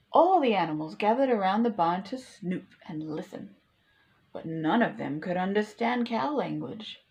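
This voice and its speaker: A woman reading a picture book aloud to children, pausing to ask the listener questions. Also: mid-range voice, dull audio. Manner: slow, animated, asks the listener questions. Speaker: storytime reader.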